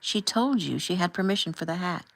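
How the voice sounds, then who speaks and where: A woman voicing a calm, firm husband and father who asks measured, pointed questions as he confronts a chaperone in an audiobook. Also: high voice, creaky, full character voice, rough recording. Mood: firm rebuke.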